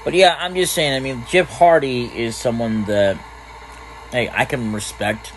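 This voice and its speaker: A man's voice: mid-range voice, a little slow, slight background noise, rough recording. A man casually commentating a game he plays, rambling and trailing off between thoughts. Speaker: gaming channel host. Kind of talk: casual let's-play commentary.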